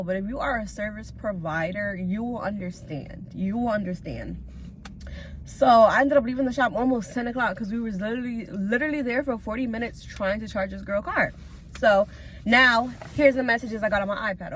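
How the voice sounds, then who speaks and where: A young woman, a lash tech, telling a storytime vlog in an animated, exasperated way, acting out both sides of the talk. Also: medium pitch, slight background noise. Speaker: lash technician and vlogger.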